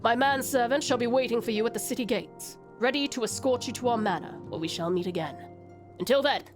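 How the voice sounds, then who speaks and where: Lady doing a posh british nobleman in a game, deep and stately, calm and courteous. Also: music in the background, close to an everyday voice. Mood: formal. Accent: British (put on). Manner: formal, measured, reassuring.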